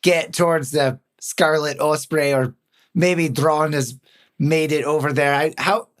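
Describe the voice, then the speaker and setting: A man playing a tabletop game, hesitant and halting as he plans. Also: a little high, steady tone. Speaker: player.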